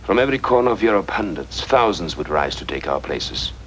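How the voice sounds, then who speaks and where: A deep-voiced resistance leader. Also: male voice, big pitch swings, brisk, fairly bright tone, slight background noise, heavily acted. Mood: defiant. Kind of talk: 1940s film acting.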